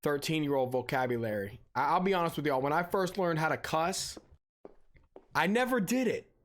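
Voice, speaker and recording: A young adult man with a voice on the high side streams a game at normal speed. He rants with heavy swearing and animated storytelling in casual live-stream chat.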